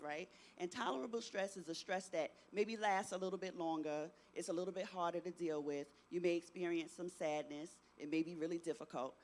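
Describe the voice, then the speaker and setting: A middle-aged presenter giving an interactive talk to teenagers, often asking the audience questions and tagging sentences with "right?". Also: mid-range voice. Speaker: youth workshop presenter.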